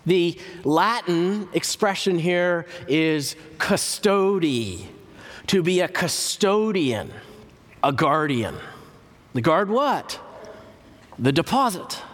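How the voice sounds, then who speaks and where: A man preaching a teaching sermon, slow and emphatic, repeating key words with long pauses. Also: a little high, sing-song. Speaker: church historian and lecturer. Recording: reverberant hall recording.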